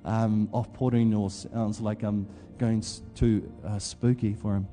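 A man's voice: on the low side, level tone, unhurried, dark tone, big-room sound, faint music behind. A man preaching a sermon, telling a personal story in a loose, conversational way with plenty of fillers.

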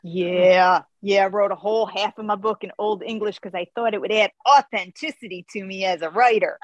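A woman co-hosting a casual podcast chat who tells stories in an animated way with quick restarts. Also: mid-range voice, dry recording, muffled recording. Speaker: podcast co-host and author.

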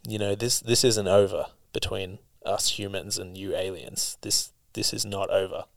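A corporate villain mutters a slow threat, low and hushed, as a man puts him on. Every word is deliberate. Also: steady tone, creaky, no echo. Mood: menacing.

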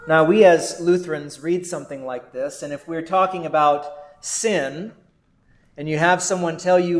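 A man preaching as a pastor, earnest and measured, often checking in with the congregation. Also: a little high, reverberant. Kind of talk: sermon.

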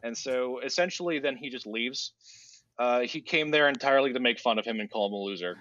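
A man's voice: medium pitch, fairly quick, fairly bright tone, dull audio. A man casually recapping a book on a podcast, playfully acting out silly voices for the characters.

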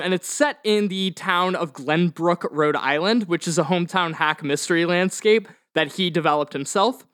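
A man's voice: high voice, fairly bright tone, clear, resonant tone, no room sound. Man, game master, podcast host, slight lisp, chatty, rambling, upbeat, dry close sound. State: slight lisp from vampire teeth. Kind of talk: casual podcast chat and game hosting.

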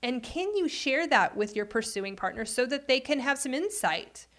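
Woman podcast co-host, slightly high voice, animated, explanatory. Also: moderate pace. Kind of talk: conversational relationship advice.

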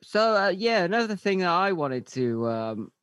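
A man's voice: high-pitched, big pitch swings, moderate pace, fairly bright tone, clean tone. Man chatting with fillers. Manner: rambling, hesitant with fillers. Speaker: podcast co-host. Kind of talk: casual chat.

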